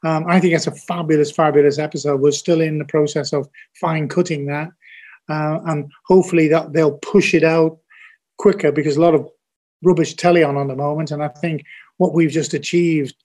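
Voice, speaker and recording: A man's voice: on the high side, steady tone, moderate pace, darkish tone. An older man with a Scouse accent, a TV producer speaking as a podcast guest in a blunt, earnest, folksy way. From Liverpool, England. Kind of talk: podcast interview.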